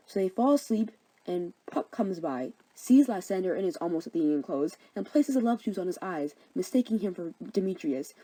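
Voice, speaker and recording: A woman's voice: lowish voice, lively intonation, moderate pace, mellow, no echo, rough recording. A young woman narrating a comedic story summary in a flippant, slangy way.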